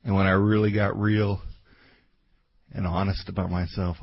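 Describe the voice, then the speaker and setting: A man preaching a sermon, swinging from loud outbursts to quiet asides, in a dull lo-fi recording. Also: low voice, flat delivery, measured pace, vocal fry, pauses often, husky.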